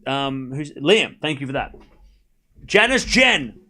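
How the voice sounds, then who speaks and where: Medium in pitch and very animated, this man's voice has a sharp tone. As host of a live tennis watchalong, he calls the score and chats casually with viewers, talking straight to his live chat with quick asides and restarts.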